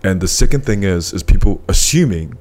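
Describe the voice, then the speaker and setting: A man's voice: low voice, expressive, fairly quick, darkish tone. A man from New Zealand with a New Zealand accent, hosting a podcast and telling a personal story casually, with plenty of fillers. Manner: storytelling, lots of "bro" and "um". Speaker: podcast host. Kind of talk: casual chat.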